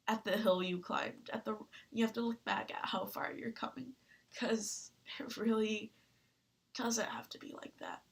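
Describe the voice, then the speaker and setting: A young woman talking earnestly in a personal vlog, halting with fillers and close to tears. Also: on the high side, gravelly. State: tearful. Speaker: vlogger.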